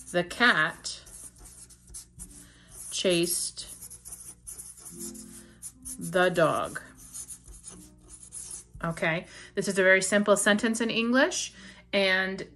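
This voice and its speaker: A woman with a slightly low voice teaches a beginner grammar lesson. She explains patiently, step by step, drawing out the key terms and pausing to check in with her students. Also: a bit bright. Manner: slows down to stress key words. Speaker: Latin teacher.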